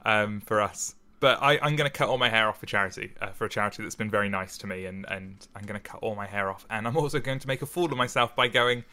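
A man, co-hosting a podcast in casual, animated chat. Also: fairly low pitch. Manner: chatty, animated, laughs often. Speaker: podcast co-host.

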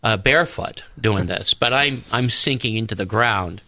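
Gravelly-voiced priest telling rambling stories. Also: male voice, lowish voice, normal speed, bright, forceful tone, no echo. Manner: rambling storyteller, restarts often. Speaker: priest, guest on a radio talk show. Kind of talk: casual radio discussion. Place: radio studio.

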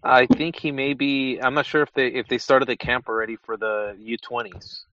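A man's voice: mid-range voice, level tone, moderate pace, pushed and bright. Hedging man with a dull lo-fi sound. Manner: tentative and hedging. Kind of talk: casual chat.

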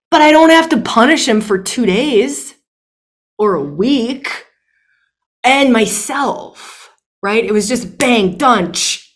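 A young adult woman teaching a workshop, emphatic and blunt, swearing freely and repeating phrases for emphasis. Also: medium pitch. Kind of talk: impassioned teaching talk.

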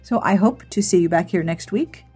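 Breathy chatty woman host, playful. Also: lowish voice, brisk, darkish tone, faint music behind. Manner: chatty and playful, giggles at her own jokes. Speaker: podcast host. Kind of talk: casual podcast outro.

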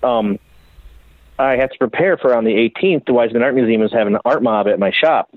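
A man with a brisk, mid-range voice, a custom bike builder from the Minneapolis area, shares stories in an interview in a casual, profane, self-deprecating manner. There's no echo, and the audio is dry and phone-like.

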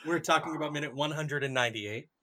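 A man's voice: a little high, quick pace, very noisy. A man co-hosting a casual podcast, chatting and analyzing a film scene in detail. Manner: chatty, analytical, quotes film lines in mock voices. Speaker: podcast co-host.

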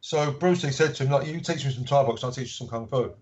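Speaking quickly in a mid-range voice, a man who writes books shares lively stories as an interview guest, imitating whoever he's quoting. The recording sounds dull and low-fidelity.

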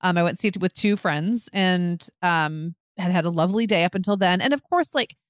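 A woman's voice: fairly low pitch, brisk, dry recording, studio quality. A woman co-hosting a podcast in casual chat, giving frank, emphatic opinions and acting out her own thoughts. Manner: candid, emphatic opinions with quoted inner thoughts. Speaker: podcast co-host.

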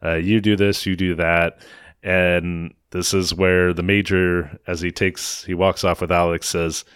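A man's voice: deep voice, level tone, a little slow, fairly bright tone, clean tone, no echo, studio quality. A man recapping a film in casual chat, sarcastic and mocking, often slipping into put-on voices to quote lines. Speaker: podcast host recapping a film.

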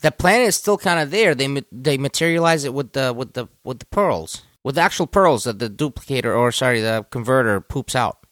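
A man co-hosting a casual film podcast, excitable and stammering, swearing freely as he talks. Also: mid-range voice, fairly quick, few pauses, no room sound, clean studio sound. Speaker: podcast co-host.

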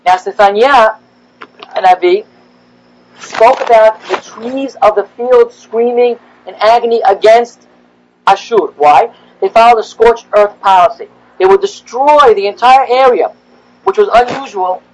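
A man, a rabbi, giving a classroom lecture, animated and rising in pitch as he acts out the prophets' complaints. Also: measured pace, rough recording.

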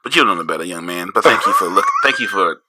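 A man with a St. co-hosting a podcast, telling stories in casual chat, swearing freely and jumping high in pitch when excited. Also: rapid-fire, very noisy. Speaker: podcast co-host.

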